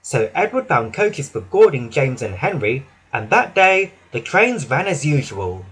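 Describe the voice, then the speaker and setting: A man narrating a children's storybook with an animated, expressive reading. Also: medium pitch, unhurried, breathy edge.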